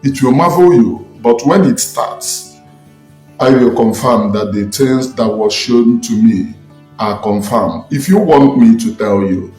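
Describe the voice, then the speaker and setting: A man with a Nigerian accent, a self-styled spiritualist, angrily preaching and scolding his listeners in an impassioned online rant. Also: medium pitch. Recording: echoey room with faint music.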